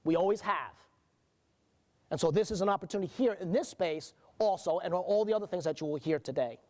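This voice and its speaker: A middle-aged man from the United States giving a conference keynote, telling stories earnestly with halting restarts. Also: sits high, darkish tone. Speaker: agency director giving a keynote.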